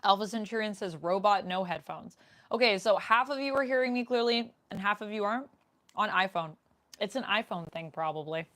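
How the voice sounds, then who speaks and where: In a live Q&A from an indoor room at home, a young woman streamer chats casually and reads viewer comments aloud into a desk microphone. Her mid-range voice is expressive, fairly quick, and a bit bright.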